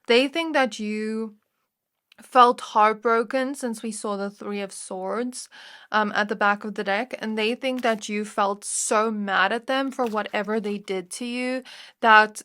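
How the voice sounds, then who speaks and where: A woman's voice: mid-range voice, steady tone, measured pace, sharp tone. Chatty woman giving a tarot reading. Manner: chatty, filler-heavy, speaks straight to the viewer. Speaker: tarot reader. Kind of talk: casual pick-a-card tarot reading.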